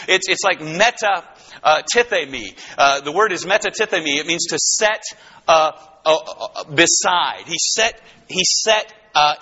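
A man preaching a fervent, excitable sermon who often bursts into shouts. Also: high-pitched, slightly rough, dull audio.

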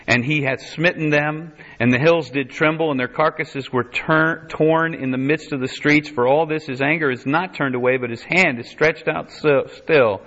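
A man's voice: a little high, fairly bright tone. A man preaching a sermon as pastor, reading scripture verse by verse and adding wry asides. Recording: dull lo-fi sermon recording.

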